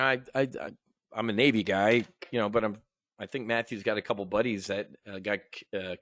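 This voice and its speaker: A middle-aged American man hosting a live options trading show, talking in a rambling, opinionated way with frequent restarts and throat clearing. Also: medium pitch, a bit bright, dry recording, studio quality. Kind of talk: casual live market commentary.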